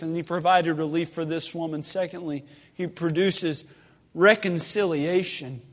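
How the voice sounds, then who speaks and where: A man preaching a sermon as pastor, moving between loud, fervent pleading and hushed storytelling, recorded in a church sanctuary. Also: a little high. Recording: long reverb of a church sanctuary.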